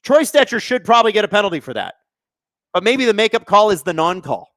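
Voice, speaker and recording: A man hosting a live hockey watch-along stream, commenting casually on the play and reading chat, excitable and sarcastic, swearing at the refs. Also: high-pitched, fast talker, no room sound, clean studio sound.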